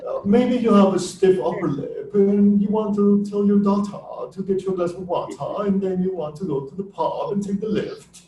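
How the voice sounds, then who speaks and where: A man's voice: sits high, steady tone, moderate pace, hardly any pauses, mellow, echoey room, far from the mic, a little hiss or hum, pitched above the performer's own voice, natural voice, low-quality recording. A man doing a prim, clipped stiff-upper-lip British English impression. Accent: British English put-on.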